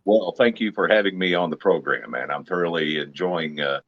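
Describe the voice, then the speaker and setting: A man's voice: deep voice, fairly quick, no room sound, lo-fi sound. A man, a comedy hypnotist, telling jokes and stories in casual chat as a guest. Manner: wisecracking storyteller.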